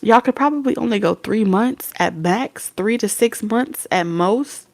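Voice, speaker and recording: A woman's voice: a little high, expressive, measured pace. A young woman giving a casual tarot reading, blunt and swearing freely as she acts out imagined back-and-forth dialogue. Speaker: tarot reader.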